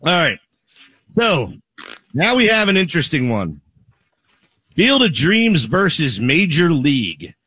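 A man's voice: on the high side, big pitch swings, slow pace, pauses often, sharp tone, slightly rough. Rowdy joking man hosting a bracket show. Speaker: podcast host. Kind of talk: casual chat.

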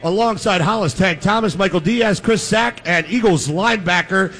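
A man hosting a live sports radio show from a restaurant, loud and joking. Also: high voice, normal speed. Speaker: radio host.

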